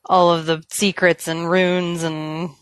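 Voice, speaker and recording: Chatty low-pitched woman on a podcast. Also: level tone, slow, clear, resonant tone, no room sound. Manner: chatty, laughs often, self-deprecating. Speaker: podcast co-host. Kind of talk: casual chat.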